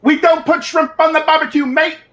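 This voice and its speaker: A man doing a deliberately bad put-on Australian accent as a cheery Aussie bloke, high and exaggerated. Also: fairly even intonation, a bit bright. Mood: hammy.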